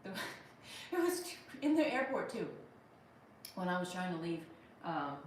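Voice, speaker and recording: Her lowish voice comes across very animated and a little slow as this Pittsburgh woman comedian chats her way through a casual livestream, reading out viewer comments. She rambles and restarts often, heard from a distant mic in a very echoey room over a faint hum.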